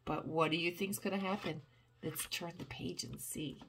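An older woman, a grandmother, reading a picture book aloud to a child, animated and coaxing, asking questions as she goes. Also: deep voice, normal speed, creaky, a little hiss or hum.

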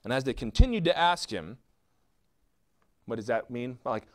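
A man's voice: mid-range voice, expressive, moderate pace, long pauses. A man preaching a sermon as a pastor, asking rhetorical questions and answering them himself.

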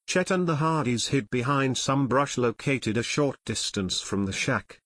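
A man's voice: mid-range voice, expressive, unhurried, few pauses, fairly bright tone, no echo. A man narrating an audiobook expressively, voicing every character.

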